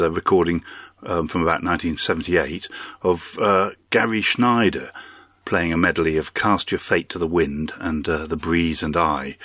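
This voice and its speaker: Male radio presenter, very low voice, close dead studio sound, dry offhand delivery. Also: a bit bright, husky, dry recording. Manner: dry, rambling, lots of uhs. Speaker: radio show host.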